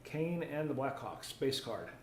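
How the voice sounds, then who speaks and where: A man's voice: medium pitch, very animated, unhurried, a little mellow. A man hosting a live card break, chatting casually while opening packs and reading out viewer comments. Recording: roomy echo, faint ambient noise.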